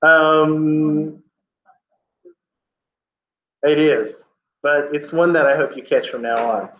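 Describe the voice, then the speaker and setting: A man's voice: a little high, fairly even intonation, slow pace. A man teaching a grammar class, emphatic and opinionated, explaining with examples. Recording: echoey room from far off, dull.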